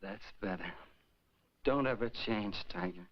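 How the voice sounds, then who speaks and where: A man's voice: lowish voice, a little slow, lightly acted. An actor as a sneering, tough crook in a 1940s noir, mocking and cold. He sounds dull and muffled with faint hiss behind, like an old film soundtrack.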